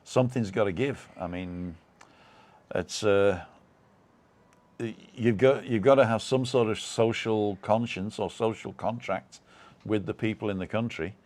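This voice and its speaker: A man's voice: lowish voice, measured pace, darkish tone. A British man hosting a live stream, chatting casually and reading out viewer comments in a rambling way with many fillers. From United Kingdom.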